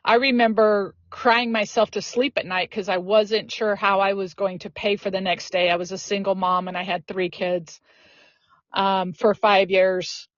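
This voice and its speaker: Earnest female storyteller, casual and lively, dry muffled recording. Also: medium pitch, unhurried, dry recording. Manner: earnest, lively storyteller with frequent "you know". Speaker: podcast guest. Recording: dull lo-fi dry audio.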